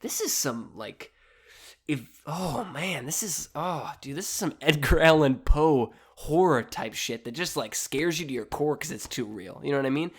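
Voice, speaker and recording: A man's voice: on the high side, animated, moderate pace, husky. Man, podcast host, solo monologue, sarcastic, mocking, profane, laughs a lot. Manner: sarcastic, mocking, swears freely, laughs often.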